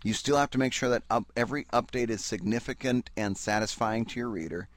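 A man's voice: mid-range voice, brisk, no echo. A man co-hosting a casual podcast, explaining earnestly with many restarts. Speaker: podcast co-host. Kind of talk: casual chat.

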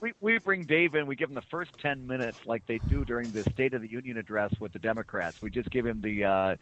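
A man's voice: medium pitch, fast talker, dull audio, a crowd in the background. A man co-hosting a podcast in casual chat, who talks in a loose, joking way among friends. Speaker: podcast co-host. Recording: noisy background hiss.

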